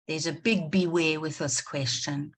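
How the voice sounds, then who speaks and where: A woman's voice: low voice, steady tone, measured pace. A woman maths teacher from South Africa leading a live online revision class, quizzing her students and repeating key points for emphasis. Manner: questioning, encouraging, repeats for emphasis.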